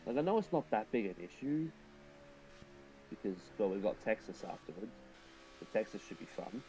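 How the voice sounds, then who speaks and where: A man's voice: on the low side, sing-song, normal speed, mellow, slight background noise, poor audio. A man streaming a racing game, chatting casually and thinking aloud while he drives and answers his viewers.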